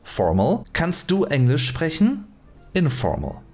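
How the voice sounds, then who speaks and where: A man's voice: fairly high pitch, wildly swooping pitch, unhurried, a little mellow, soft background music. German man musing over pronunciation. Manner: hesitant, musing, repeats phrases while practicing. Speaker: channel host. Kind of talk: casual language-learning commentary.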